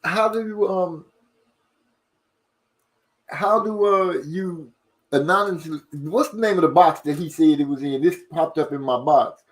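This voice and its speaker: A man hosting a casual livestream, reading viewer comments aloud and rushing and stumbling over his words. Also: a little high. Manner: fast-talking, rushes and stumbles over words. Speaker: livestream host.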